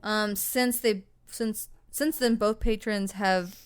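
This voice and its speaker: A woman co-hosting a podcast in casual chat, telling stories in a rambling, profane way with quick tangents. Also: medium pitch, fairly even intonation, smooth. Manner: mock voices and tangents while telling ghost stories. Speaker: podcast co-host.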